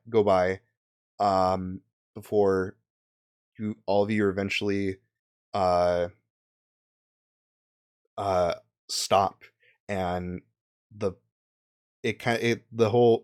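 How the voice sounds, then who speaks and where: Young male game master, low voice, slow and halting, full of ums and restarts. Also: smooth. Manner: hesitant, many fillers and restarts. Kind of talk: narrating a tabletop game.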